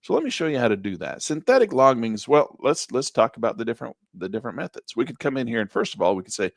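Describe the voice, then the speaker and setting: A middle-aged man giving a live trading lesson in a folksy, upbeat way, losing his voice and clearing his throat. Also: lowish voice, very animated, brisk, no room sound, studio quality. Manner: folksy, upbeat, talks while clicking through charts. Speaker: trading instructor.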